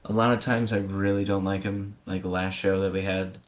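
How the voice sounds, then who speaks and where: Deep-voiced laid-back podcast man. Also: level tone, brisk. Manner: easygoing, many ums and likes. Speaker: podcast co-host. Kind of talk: casual podcast chat.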